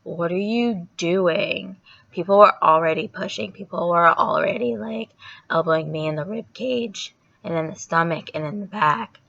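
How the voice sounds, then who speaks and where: A woman's voice: lowish voice, moderate pace, gravelly. A young woman vlogger casually retelling a story in a chatty, rambling way, with a sore throat. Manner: chatty, filler-heavy, animated retelling. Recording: dull lo-fi recording.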